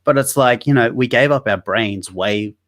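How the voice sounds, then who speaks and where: An online activist from Sydney, speaking with a nasal Australian accent, joins a casual interview over a video call as a guest. His mid-range, slightly bright voice moves at normal speed as he jokes and rambles, full of fillers and restarts.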